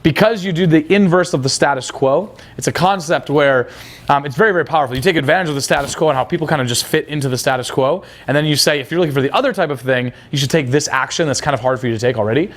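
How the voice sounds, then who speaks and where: A man's voice: on the high side, quick pace, fairly bright tone. A young man coaching on dating, blunt and crude, acting out quoted dialogue. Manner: blunt, casual, crude slang. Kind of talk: coaching talk.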